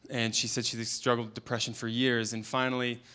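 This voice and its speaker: At a conference event, an earnest man in his thirties gives a motivational talk as a parenting expert, sharing stories from his work and family and quoting a client and his child. His mid-range voice is pushed, bright, clear, and resonant, with flat delivery at a fairly quick pace.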